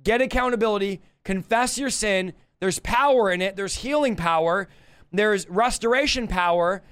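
Young adult male preacher, live teaching; smooth, high-pitched, forceful and repetitive delivery. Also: normal speed. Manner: emphatic, repetitive exhortation.

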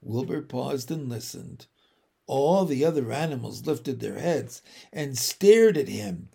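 Slow, gravelly male storyteller. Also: medium pitch, sing-song. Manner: gentle, unhurried storytelling. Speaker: narrator. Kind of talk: children's audiobook narration.

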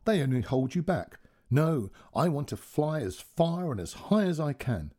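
A male storyteller voicing a small, daring kite that loves the wind and wants to fly free. He speaks with excited, boastful energy. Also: on the high side, unhurried.

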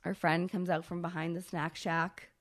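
A woman in her thirties, a podcast co-host, telling a long personal story in casual, profane, animated chat. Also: lowish voice, moderate pace.

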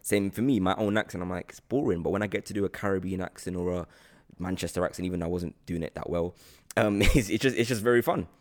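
Guy hosting a podcast, kinda low voice, chatty and rambly. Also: quick pace. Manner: friendly, rambling, laughs often. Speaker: podcast host. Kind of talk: casual podcast interview.

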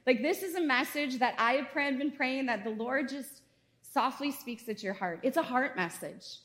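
A woman's voice: sits high, normal speed, fairly bright tone. A woman in her thirties, a pastor giving a conversational, earnest sermon in a church. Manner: conversational, earnest preaching with casual asides. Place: church sanctuary.

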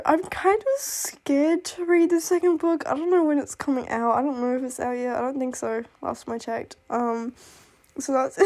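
Her voice sits high but has a dark tone as this young book vlogger chats casually about books she adores. She's sick and coughing, and she gushes and rambles with lots of "like" and "oh my god."

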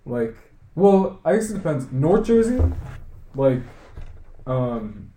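A man's voice: medium pitch, big pitch swings, takes it slowly, warm tone, reverberant, a little hiss or hum. A young man co-hosting a casual podcast chat, rambling with lots of filler words, swearing and laughing. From United States. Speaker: podcast co-host.

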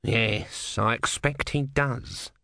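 A man's voice: medium pitch, fairly even intonation, slow, gravelly, bright, forceful tone, dry recording, studio quality, exaggerated voice. A man voicing a small, grumpy god trapped as a tortoise, talking sarcastically and complaining in an audiobook. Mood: peevish. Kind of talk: audiobook character voice.

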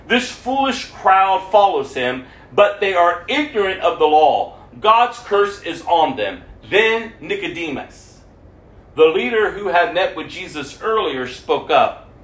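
A man with a fairly high, slightly bright voice preaches in an echoey room. He reads scripture aloud, adds his own commentary, and raises his voice for the quoted speech.

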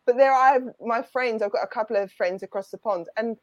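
A woman's voice: a little high, fairly quick, no echo, dull audio. Chatty woman with an Essex accent. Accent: London Essex. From England. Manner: chatty, laughing, explains slang. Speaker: guest medium. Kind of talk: casual chat on a livestream.

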